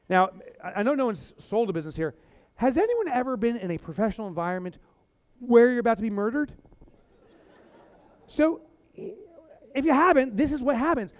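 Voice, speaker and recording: Brief: middle-aged man, keynote speaker on stage, high and very lively voice, dry close sound, playful storyteller who acts out his lines. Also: no room sound. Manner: animated, acts out voices for comic effect. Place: stage before a live audience.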